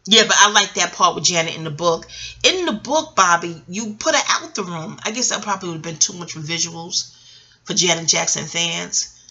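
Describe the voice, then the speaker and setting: A woman's voice: on the low side, expressive, moderate pace, bright, forceful tone. A middle-aged American woman vlogging in a scattered, rambling way, jumping between tangents and swearing freely. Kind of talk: casual rambling commentary.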